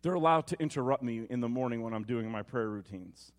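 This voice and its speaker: A man in his thirties preaching, his voice dropping low and soft for reflection, then rising loud and high as he tells a family story. He is an animated storyteller with a lively pitch. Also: a little fast. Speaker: pastor. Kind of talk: sermon with personal story.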